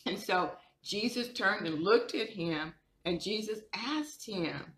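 Woman preaching with a lot of repetition, low voice, echoey room. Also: slow pace, hardly any pauses, a bit bright. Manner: emphatic, repetitive, colloquial storytelling. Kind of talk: sermon.

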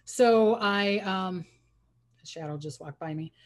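A woman's voice: medium pitch, slow. Woman, psychic medium guest, rambling storyteller, frequent restarts. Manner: rambling, restarts often, acts out quoted voices. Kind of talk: casual interview storytelling.

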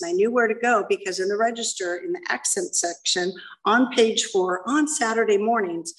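A middle-aged woman giving a candid, self-deprecating personal testimony to a live audience in a meeting room. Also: medium pitch. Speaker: speaker sharing her story at a recovery meeting. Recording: voice picked up from a distance.

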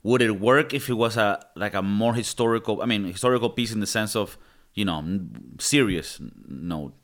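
A man's voice: on the low side, normal speed, fairly bright tone. Laid-back man chatting about movies. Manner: casual, swears freely, restarts. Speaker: podcast co-host. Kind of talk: casual movie review chat.

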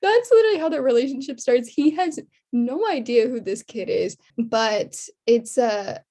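A young woman talking casually as a podcast co-host. Her voice sits a bit high, and she rambles through her points with lots of fillers and laughter. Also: animated, normal speed, mellow. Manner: chatty, many fillers and laughs. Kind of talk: casual chat.

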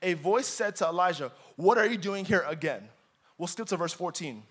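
A young man preaching a sermon in church, dramatic, moving from loud emphatic lines to quiet asides. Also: sits high, lively intonation, normal speed, slightly rough.

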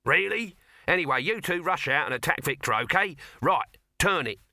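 A man voicing a pushy, bossy male film producer in an audiobook, speaking sternly and higher than his own voice. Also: animated, moderate pace, gravelly, sharp tone, no echo, studio quality, heavily acted.

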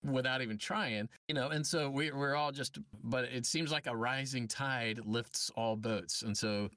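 A man's voice: medium pitch, unhurried, pushed and bright, dry recording. A man, a voice actor, chatting as a podcast guest, telling stories animatedly and acting out quotes with frequent restarts. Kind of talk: casual podcast conversation.

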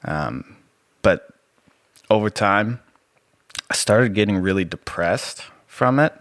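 Man, very low voice, soothing, dry close sound, rambling testimony guest. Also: slow, no echo. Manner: relaxed, rambling, many fillers. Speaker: podcast guest. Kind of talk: casual personal testimony.

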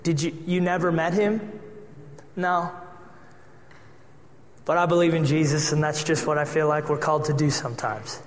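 A man preaching a sermon as pastor, telling a personal story with lively acted-out dialogue. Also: on the high side, moderate pace, pauses often. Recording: echoey hall with long reverb.

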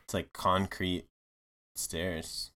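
A man's voice: low voice, level tone, drawn-out words, bright, forceful tone. A man on a casual movie podcast, chiming in with short reactions and laughing asides. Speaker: podcast co-host.

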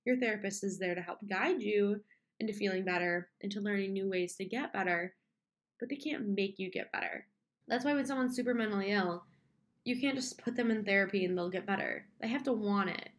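A young woman holding a casual solo chat in a voice of middling pitch. She rambles, breaks off mid-sentence and restarts, and keeps the tone candid and conversational. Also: a little fast. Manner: candid, rambling, with frequent fillers and self-interruptions; mocks complainers with whiny put-on voices. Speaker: podcast host.

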